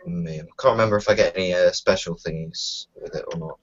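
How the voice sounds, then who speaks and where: A man's voice: low-pitched, fast. A man playing a tabletop game, unsure and hesitant, thinking aloud about his moves. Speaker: player. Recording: dull lo-fi home recording.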